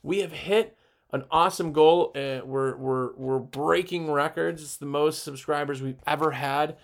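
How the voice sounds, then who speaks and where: A man's voice: a little high, steady tone, unhurried, soft background music. A man talking on a podcast as a sales rep, giving a passionate pep talk that rambles with fillers and restarts. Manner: gets worked up, passionate. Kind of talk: energetic motivational podcast talk.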